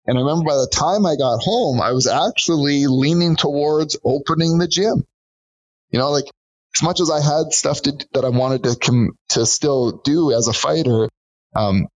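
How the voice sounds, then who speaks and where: A man's voice: mid-range voice, rough recording. Earnest middle-aged man telling a story. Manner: earnest, storytelling, acts out quotes of others. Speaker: podcast guest, boxing gym owner. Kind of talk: conversational storytelling.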